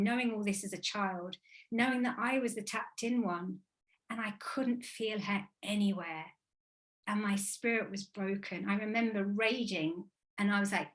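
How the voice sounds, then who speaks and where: A woman's voice: medium pitch, a bit bright. A woman in her thirties from England, a guest speaker talking about spirit and grief in an earnest, emotional, rambling way. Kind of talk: casual spiritual talk.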